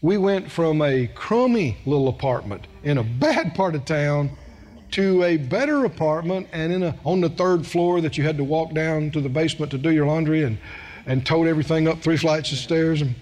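A man's voice: on the high side, normal speed, a little mellow. A middle-aged man preaching a sermon in a folksy, emphatic way, repeating phrases for stress.

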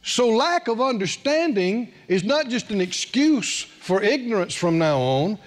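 A middle-aged man preaching a sermon and telling a personal story, animated and asking the congregation questions. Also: high voice, measured pace.

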